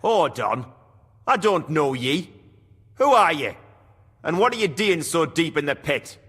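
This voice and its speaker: An actor playing a gruff, grieving middle-aged mine foreman in a video game, speaking. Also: a little high, sing-song, measured pace, a bit bright, big-room sound, exaggerated voice. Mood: startled. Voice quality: broad dialect, earthy and blunt.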